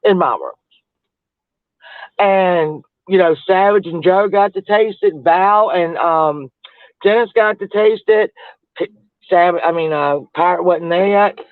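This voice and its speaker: A man's voice: high voice, measured pace, long pauses, no room sound. A man chatting in a rambling, casual way on a livestream, laughing often and trailing off mid-thought. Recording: tinny phone-like dry audio.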